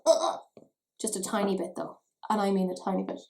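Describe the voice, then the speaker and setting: A woman's voice: medium pitch, steady tone, brisk, gravelly, a little mellow, poor audio. A woman, chatting playfully and mocking herself while doing her makeup at home for a beauty vlog. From Ireland. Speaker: beauty vlogger. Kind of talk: casual makeup tutorial chat.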